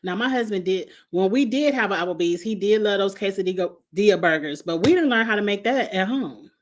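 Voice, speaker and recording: A woman's voice: medium pitch, lively intonation, a little fast. A woman, hosting a casual reality TV review, blunt and sassy, with frequent laughs and cursing. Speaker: host of a reality TV review show. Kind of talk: casual chat reading viewer comments.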